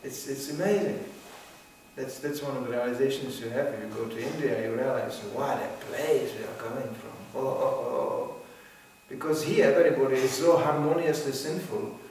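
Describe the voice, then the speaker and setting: An older man giving an informal religious lecture in a theatrical, animated way. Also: medium pitch, normal speed, slight background noise. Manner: animated, theatrical, acts out voices. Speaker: spiritual teacher. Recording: echoey room, mic at a distance.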